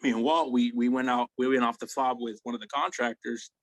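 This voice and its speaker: A man in his forties tells war stories as a guest, circling back and tossing in "right?" and "you know?" after nearly every thought. He is blunt and swears easily. His voice sits at an ordinary middle pitch and sounds dry and close, with no room around it. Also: fairly even intonation, brisk, no room sound, low-quality recording. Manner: rambling, tag questions like "right?" and "you know?". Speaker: army veteran guest. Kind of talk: casual war storytelling.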